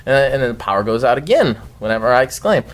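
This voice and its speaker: A man at a middling pitch spins a rambling story in casual podcast chat. He swears freely and leaps up loudly whenever he acts out his own shouting. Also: big pitch swings, fast talker. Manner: rambling and profane, yells quoted outbursts.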